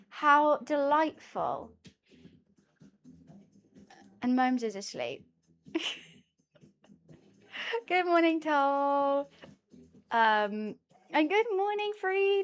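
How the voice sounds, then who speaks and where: A woman with a high, light voice chats away on a live stream while she cooks at home. She laughs often and drops into a soft cooing tone for her cat between stories for her chat.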